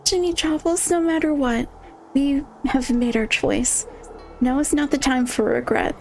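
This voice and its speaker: A woman reading a game character's lines aloud in an earnest, measured way. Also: high-pitched, gravelly, a little mellow. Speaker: streamer. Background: faint game music.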